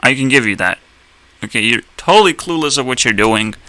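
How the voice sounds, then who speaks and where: A man's voice: mid-range voice, lively intonation, fairly quick, pushed and bright, dry recording, poor audio. A young man ranting in a blunt, sarcastic way, swearing often and laughing at his own jokes. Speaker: streamer. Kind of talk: profane ranting commentary.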